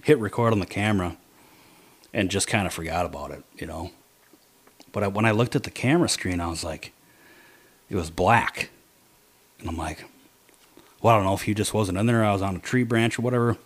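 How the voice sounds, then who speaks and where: A man telling a hunting story in casual chat, animated, dropping to low mutters to quote his own thoughts. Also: brisk, long pauses, breathy edge.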